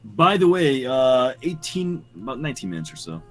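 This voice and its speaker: A young man co-hosting an art stream over a voice call, playful and jokey and quick to laugh. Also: mid-range voice, big pitch swings. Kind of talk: casual stream chat.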